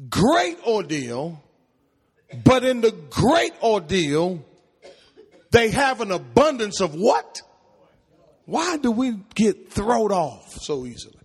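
High, animated preacher in a reverberant hall. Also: male voice, slow, husky. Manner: preaching with rising calls and questions to the congregation. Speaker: pastor. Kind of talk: call-and-response sermon. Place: church sanctuary.

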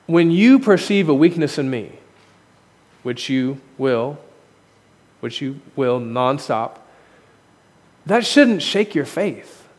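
Guy pastor preaching at the podium mic, candid, jokes about himself, kinda higher voice, long echo off the church walls. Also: animated, slow pace, long pauses. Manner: candid, self-deprecating preaching with rising emphasis. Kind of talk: sermon. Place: church sanctuary. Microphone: podium microphone. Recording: long hall reverb.

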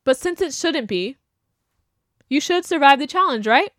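A woman's voice: sits high, animated, normal speed, a bit bright, no echo, clean studio sound. A young woman hosting a podcast, talking bluntly and animatedly in casual opinion chat, mocking the people she quotes. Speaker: podcast host.

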